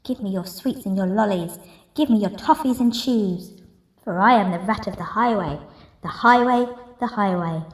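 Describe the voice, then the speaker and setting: A woman voicing a greedy, boastful male rat highwayman in a gruff, swaggering voice, reading a picture book aloud. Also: normal speed, lightly acted. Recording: roomy echo, distant mic.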